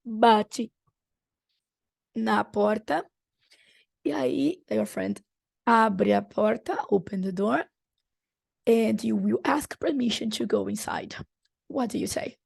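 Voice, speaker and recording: A woman teaching an online language lesson, patiently repeating phrases slowly for her students. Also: a little high, vocal fry, a little mellow, breathy edge, no room sound.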